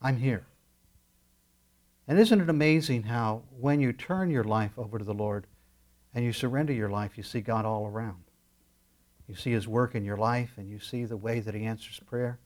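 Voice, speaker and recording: A man preaching a sermon as pastor, swinging between loud emphatic lines and quiet asides. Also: mid-range voice, normal speed.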